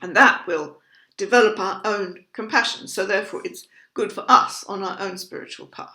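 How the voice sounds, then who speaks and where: A woman gives a calm, explanatory talk on Buddhist ideas, taking her time to unpack technical terms. Her voice sits at an ordinary middle pitch. The room around her adds a noticeable echo. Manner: measured, thoughtful, explaining terms patiently. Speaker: Buddhism teacher. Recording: roomy echo.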